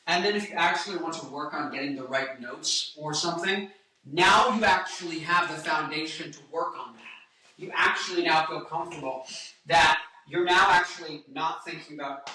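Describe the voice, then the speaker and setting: A man's voice: on the high side, normal speed, bright, forceful tone, far from the mic, a little hiss or hum. A man in his twenties, a singer, giving casual vocal advice in a rambling way full of fillers. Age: 20s. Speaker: singer and vlogger. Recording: echoey room, voice off-mic.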